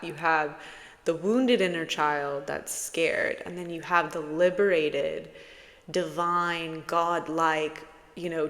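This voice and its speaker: A woman speaks as a spiritual channeler in a casual message to her viewers. Her voice sits fairly low and she talks slowly and unhurriedly, playful and soothing by turns. A long reverb trails behind her words. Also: a bit bright. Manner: playful and soothing, with laughs and sudden exclaims.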